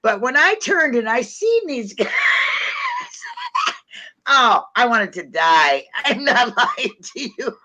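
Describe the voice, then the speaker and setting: A talkative woman telling a story among friends, with a lively pitch that leaps up and down. Her tone is bright and forceful, and she keeps laughing at herself as she goes. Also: slow pace, long pauses, low-quality recording. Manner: chatty storyteller, laughs often, self-mocking. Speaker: co-host. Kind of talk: casual chat.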